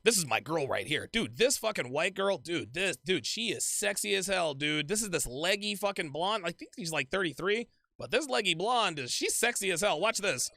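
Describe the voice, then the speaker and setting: A man giving casual, profane reaction commentary on a dating show, animated and repetitive. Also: high-pitched, moderate pace, vocal fry, hardly any pauses, dry recording, clean studio sound. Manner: animated, profane, repeats himself.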